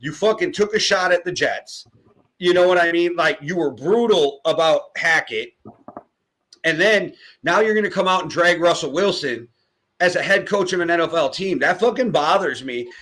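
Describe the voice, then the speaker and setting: A man's voice: on the high side, lively intonation, moderate pace, fairly bright tone. An American man from the Upper Midwest co-hosting a sports podcast, blunt and profane as he tells stories and vents. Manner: blunt, heavy swearing, storytelling. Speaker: podcast co-host. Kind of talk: casual sports chat.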